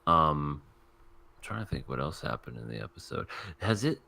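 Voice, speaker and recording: A man's voice: rumbling low, very animated, normal speed, gravelly, bright, forceful tone. A man hosting an anime review podcast, chatting casually and rambling as he thinks aloud. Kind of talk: casual chat.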